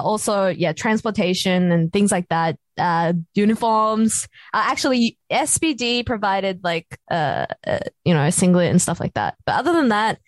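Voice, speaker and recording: A woman speaking in a dry, close recording with no room sound, laying out details plainly and step by step. Her voice sits at an ordinary pitch, and she fills her pauses with small hesitations. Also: no echo. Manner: matter-of-fact, explains step by step with fillers. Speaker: powerlifter and guest. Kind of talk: casual interview.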